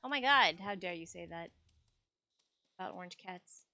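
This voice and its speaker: A woman's voice: lowish voice, lively intonation, moderate pace, pushed and bright, a little hiss or hum. A woman streaming a game live, chatting playfully with viewers and meowing along as she plays. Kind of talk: live gameplay commentary. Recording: game music clearly behind voice. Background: game soundtrack music.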